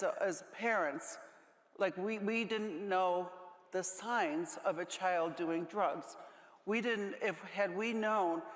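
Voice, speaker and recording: A woman speaking as a panel guest, halting and holding back tears. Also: fairly low pitch. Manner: halting, with many restarts. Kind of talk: emotional panel talk. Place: large conference hall. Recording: echoey hall with long reverb.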